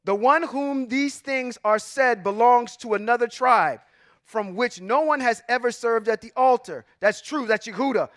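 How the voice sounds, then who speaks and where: A man's voice: very high voice, normal speed, no echo, studio quality. A man teaching scripture to a congregation in an emphatic, preacherly way, reading verses and breaking them apart. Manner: emphatic, preacherly, swings between loud and quiet asides. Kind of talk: sermon-style bible teaching.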